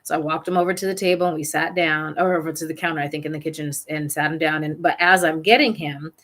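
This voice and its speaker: Low-voiced woman telling a personal story. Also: fairly even intonation, fast talker, fairly bright tone. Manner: candid, rambling, with small restarts. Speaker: parent coach.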